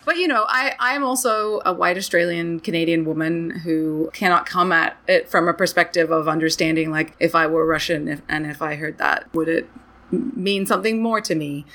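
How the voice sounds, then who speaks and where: Chatty woman with a low, animated voice. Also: normal speed. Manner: animated, chatty, many "like" fillers. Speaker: podcast co-host. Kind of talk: casual chat.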